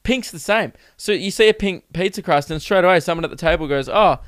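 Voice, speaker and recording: A young man rambles through a comic rant, swearing freely and mocking himself. His voice sits fairly high and sounds smooth and crisp. The recording is dry and close. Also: fast, hardly any pauses, a bit bright, dry recording. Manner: rambling, profane, self-mocking. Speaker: podcast host. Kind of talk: casual comedic monologue.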